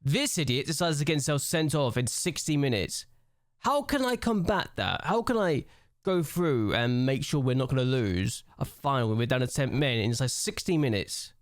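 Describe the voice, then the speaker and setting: A man's voice: mid-range voice, animated, moderate pace, no echo, studio quality. A young man giving let's-play commentary on a football management game at a desk mic. He rants and complains in exasperation at what happens on screen. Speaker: gaming YouTuber.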